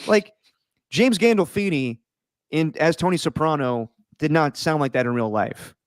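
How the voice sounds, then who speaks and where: A man co-hosting a casual podcast chat, animated and mocking, tossing in quick impressions. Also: a little high, no echo, studio quality. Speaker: podcast co-host.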